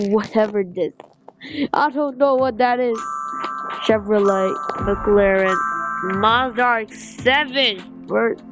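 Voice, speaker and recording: A young woman with a medium-pitched voice rambles through a casual review of phone games while playing them, animated as she goes. Music plays in the background, and the audio has its highs cut off.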